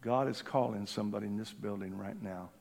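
A man preaching a sermon in a church, impassioned, swinging from hushed tones to shouting. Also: fairly low pitch, fairly even intonation, a little fast, creaky. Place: church building during a service.

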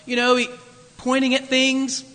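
A man's voice: extremely high pitch, completely flat delivery, measured pace, bright, forceful tone, big-room sound, rough recording. A male pastor preaching a sermon in a conversational, jokey way, full of asides.

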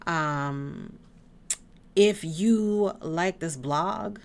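A woman's voice: sits low, animated, measured pace. A woman hosting her own podcast, rambling through tangents in a blunt, casual way and swearing freely. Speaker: podcast host.

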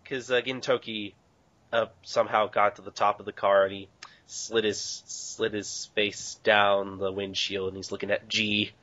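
A young man co-hosting a casual podcast, recapping a manga with excited, restarting talk. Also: fairly low pitch, a little slow, lo-fi sound. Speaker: podcast co-host.

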